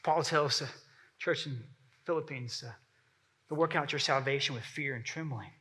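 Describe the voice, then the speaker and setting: A man's voice: mid-range voice, normal speed, sharp tone, slightly rough. A man preaching a sermon as pastor, talking conversationally and acting out the voices he quotes.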